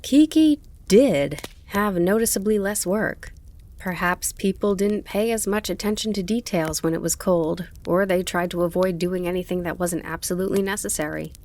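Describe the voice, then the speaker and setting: Calm woman reading a storybook. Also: fairly low pitch, normal speed. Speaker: audiobook narrator. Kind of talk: scripted narration.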